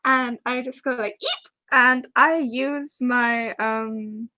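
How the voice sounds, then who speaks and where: A woman playing a tabletop game, chatty with quick giggly asides. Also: fairly high pitch, steady tone, pushed and bright, no echo. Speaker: player. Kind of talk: casual tabletop play.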